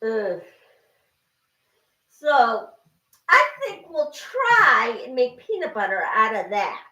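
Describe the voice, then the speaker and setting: Woman host cooking in her kitchen, unhurried, bright-toned, muttering to herself, echoey room. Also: a little high, sing-song. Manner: talks to herself while cooking, with sighs and exclamations. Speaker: channel host cooking on camera. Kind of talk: casual cooking narration.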